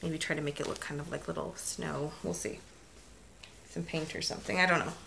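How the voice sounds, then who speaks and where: A woman's voice: low voice, steady tone, brisk, gravelly, background noise. A middle-aged woman telling a story as a crafting vlogger, chatty and emotional, with many restarts and asides. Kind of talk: casual vlog chat.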